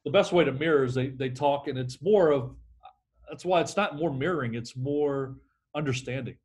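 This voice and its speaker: A man's voice: medium pitch, moderate pace, darkish tone. A middle-aged man, a sales trainer, talking energetically in a podcast interview and acting out phone calls.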